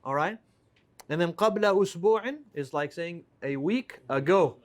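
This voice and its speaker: A man teaching an Arabic class, explaining and joking with his students in a relaxed way. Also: on the high side, fairly quick. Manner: relaxed, joking, explains by reading examples aloud.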